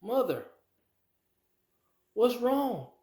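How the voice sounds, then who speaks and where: A man's voice: very animated, drawn-out words, darkish tone, reverberant, exaggerated voice. A man putting on a frightened little girl. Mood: scared. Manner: high, small pleading voice.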